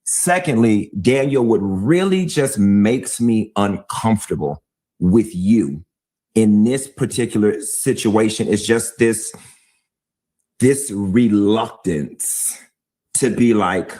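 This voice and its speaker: A man's voice: mid-range voice, animated, takes it slowly. A man on a heated panel discussion, speaking bluntly and emphatically, repeating his points for force. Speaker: livestream host and commentator.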